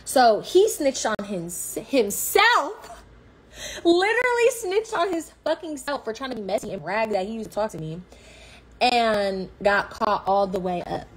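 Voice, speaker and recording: A young woman, telling a story on a livestream in a blunt, slangy, profane, animated way. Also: a little high, normal speed, slight background noise.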